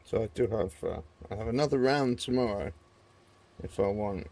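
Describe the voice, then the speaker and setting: A man's voice: lowish voice, moderate pace, mellow. A man hosting a gaming video, giving casual, rambling commentary and chatting to viewers as he plays.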